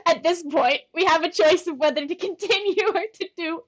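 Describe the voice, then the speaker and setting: A woman's voice: very high-pitched, measured pace, long pauses. A young woman streaming live, reading a novel aloud and breaking off for playful, giggly asides.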